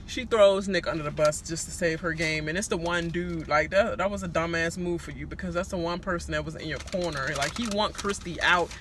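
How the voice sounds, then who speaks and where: A woman giving a casual, blunt recap of a reality show, animated and full of profanity. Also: lowish voice, brisk, hardly any pauses, a little hiss or hum.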